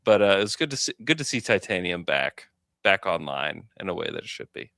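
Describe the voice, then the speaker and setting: A man co-hosting a podcast in casual sports chat, animated and chatty. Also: sits low, brisk, clean tone, dry recording, clean studio sound. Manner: animated, chatty, lots of fillers. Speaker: podcast co-host.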